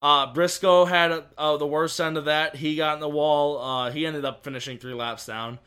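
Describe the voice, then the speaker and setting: A man with a high, bright voice co-hosts a casual podcast. He rambles eagerly, restarting sentences as he goes. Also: moderate pace, clean tone. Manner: excited, rambling, many restarts. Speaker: podcast co-host. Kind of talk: casual racing chat.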